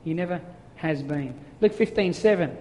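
A male pastor preaching a lively sermon, telling stories and acting out little voices as he goes. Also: fairly high pitch, moderate pace. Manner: animated storytelling, acts out voices. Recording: long hall reverb.

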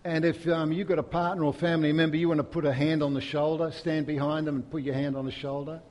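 A man preaching a sermon in a church, swinging from loud, emphatic peaks to soft, hushed stretches. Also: a little high, level tone, fast, long reverb tail. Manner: impassioned, rising to loud emphatic peaks then dropping soft. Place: church hall.

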